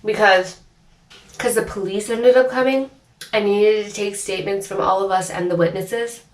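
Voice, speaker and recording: A young woman vlogger telling a storytime story in a chatty, animated way, full of filler words. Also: mid-range voice, moderate pace. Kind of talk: storytime chat. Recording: roomy echo, distant mic.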